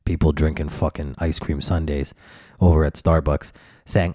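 A man rants on his own podcast in a deep, mellow voice, cursing freely and mimicking people he can't stand. His delivery is sardonic and loose. The sound is close and dry, with no room behind it. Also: little pitch movement, moderate pace, dry recording. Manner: profane, sardonic, mocking voices of others. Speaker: podcast host. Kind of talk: solo comedic rant.

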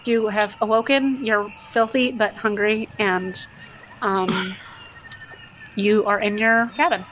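A woman narrating a tabletop role-playing game as game master, animated and often laughing. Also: mid-range voice, slow, slight background noise, poor audio.

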